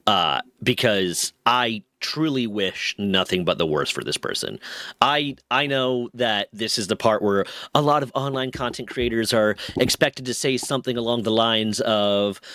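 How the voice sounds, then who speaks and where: A man's voice: on the low side, pushed and bright, dry recording. A man giving heated, profane commentary as a streamer, indignant in tone. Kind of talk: angry commentary.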